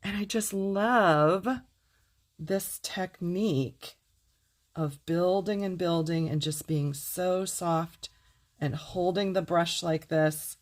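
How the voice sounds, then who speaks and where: A woman's voice: on the low side, steady tone, slow pace. A middle-aged woman teaching card making in a casual demonstration, gushing with enthusiasm and talking straight to her viewers.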